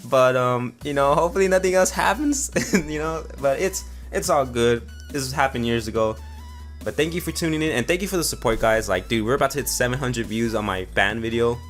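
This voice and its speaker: Fast-talking young guy telling a story. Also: mid-range voice, fairly bright tone, soft background music. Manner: rambling, profane, heavy with fillers. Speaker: vlogger. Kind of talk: casual storytelling.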